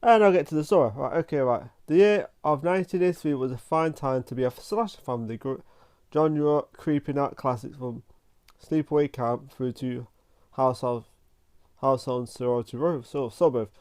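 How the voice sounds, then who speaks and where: A man giving a casual spoken film review, rambling and halting, often restarting his sentences and filling them with "like". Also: medium pitch, darkish tone, clear, resonant tone.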